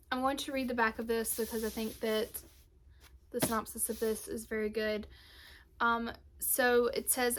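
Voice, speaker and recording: A woman's voice: fairly high pitch, a bit bright. A young woman, chatting to camera about books she loved, gushing and emotional, dropping to a whisper at times. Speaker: booktube vlogger. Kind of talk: casual book review chat.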